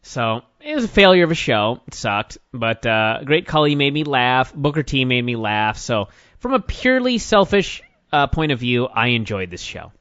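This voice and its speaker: A man's voice: mid-range voice, big pitch swings, moderate pace, a bit bright, no echo, muffled recording. A man co-hosting a casual wrestling review podcast, ranting with sarcasm and a lot of swearing. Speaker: podcast co-host.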